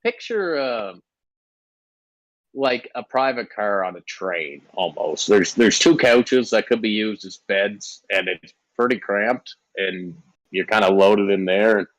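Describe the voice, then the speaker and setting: A man narrates a tabletop game as its game master, his voice sitting a bit low. He stumbles through fillers and restarts as he describes the scene. The sound is dry and close. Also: no room sound, low-quality recording. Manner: halting, many fillers and restarts.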